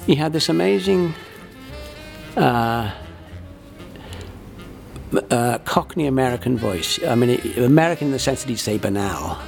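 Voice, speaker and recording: A man, a performer, talking in a halting interview manner full of restarts. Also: medium pitch, vocal fry, a little mellow, soft background music. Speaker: guest, impressionist performer. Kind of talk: conversational interview.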